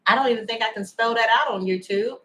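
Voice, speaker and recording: A woman giving a chatty, animated livestream tarot reading and thanking viewers by name. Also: fairly high pitch, fast talker, low-quality recording. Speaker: tarot reader.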